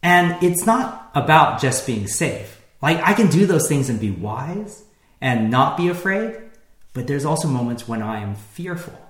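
A man preaching a sermon in a relaxed, conversational way, with frequent fillers and restarts. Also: mid-range voice, reverberant. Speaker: pastor.

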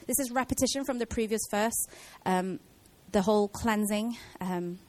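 A woman's voice: mid-range voice, moderate pace, a little mellow, no echo, rough recording. A woman giving an informal Bible teaching in a casual way, with many fillers and restarts.

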